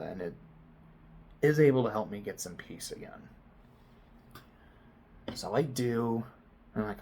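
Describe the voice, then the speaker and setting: A man telling a personal story to camera in a casual vlog, swinging between loud excited bursts and quiet near-whispered asides. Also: medium pitch. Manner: frequent swearing, casual slang. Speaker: vlogger.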